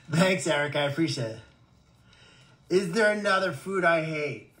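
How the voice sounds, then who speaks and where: A man's voice: a little high, fairly bright tone. A man hosting a casual livestream from an animal sanctuary, answering viewer comments in a joking, rambling way with stammered restarts.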